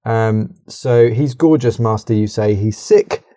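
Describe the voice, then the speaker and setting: A man's voice: fairly low pitch, unhurried, dark tone. A man co-hosting a podcast who reads an interactive story aloud, swearing, laughing and breaking off to comment. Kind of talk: casual podcast chat and story reading.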